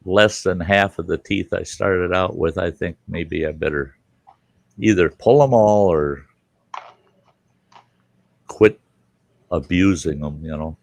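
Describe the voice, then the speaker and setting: A man's voice: low-pitched, takes it slowly, gravelly, pauses often, dry recording. A man hosting a casual campfire chat, telling stories in a boisterous, profane way. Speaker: host.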